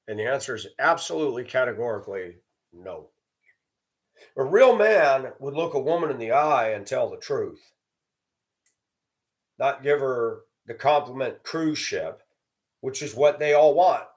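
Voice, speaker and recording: A man's voice: fairly high pitch, lively intonation, a little slow, long pauses. A man from the American South delivering a sarcastic, judgmental ranting monologue to his channel. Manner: sarcastic, judgmental, emphatic repetition. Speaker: channel host.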